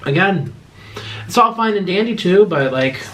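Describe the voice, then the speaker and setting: A man's voice: sits high, animated, normal speed, sharp tone, a little hiss or hum. A man vlogger eating on camera and rambling emotionally through fan questions in casual chat.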